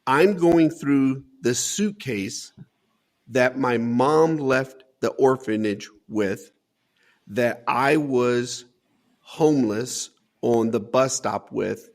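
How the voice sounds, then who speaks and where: A man's voice: medium pitch, drawn-out words. A man in his forties from Dayton, Ohio, a guest on an interview show, telling a story with energy, acting out what others said and laughing often. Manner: lively storyteller, acts out quotes, laughs often. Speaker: guest, company CEO.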